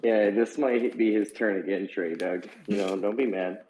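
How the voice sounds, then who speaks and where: A man's voice: on the low side, moderate pace, darkish tone, a little hiss or hum, low-quality recording. A man playing in a tabletop game, joking and laid-back in casual chat. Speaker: player.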